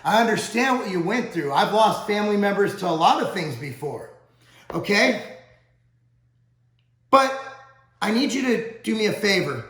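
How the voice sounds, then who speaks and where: High-voiced man, emphatic and profane, direct-to-camera rant, roomy echo. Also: animated, moderate pace, pauses often, a bit bright. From United States. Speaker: supplement company owner and channel host.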